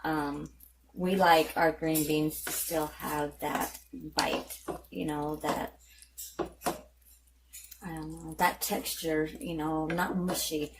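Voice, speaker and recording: This woman has a deep, fairly flat voice and speaks slowly with long pauses, against heavy background noise. Hosting a home cooking vlog, she talks chattily as she cooks, rambling, correcting herself and using lots of fillers.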